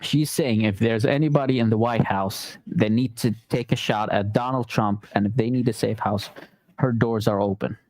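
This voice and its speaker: A man with a warm, mellow voice gives casual, sarcastic reaction commentary. He talks loosely, as if to his regular viewers. The sound is close and dry. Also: fairly low pitch, steady tone, moderate pace, dry recording. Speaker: commentary channel host.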